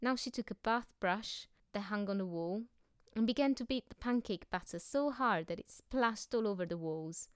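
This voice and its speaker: A woman narrating a children's story as an audiobook reading, gentle and measured. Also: mid-range voice, clear, resonant tone, no echo, clean studio sound.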